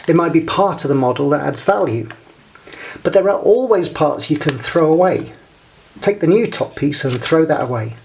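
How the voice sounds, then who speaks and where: A man with a slightly raised voice gives a scripted lesson. He speaks in a measured, deliberate way and guides the listener through each step. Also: a little high, a little mellow, a little hiss or hum. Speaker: presenter. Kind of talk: scripted instructional talk.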